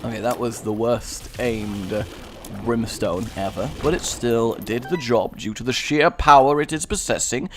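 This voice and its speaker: A young English man giving chatty, sarcastic let's-play commentary, rambling into asides and breaking into excited yelps. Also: medium pitch, unhurried, slight background noise. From England. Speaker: gaming YouTuber.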